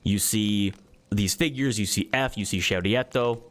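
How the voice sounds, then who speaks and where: A male game master with a low voice narrates a tabletop game. He describes each scene in a relaxed way and often pauses on fillers.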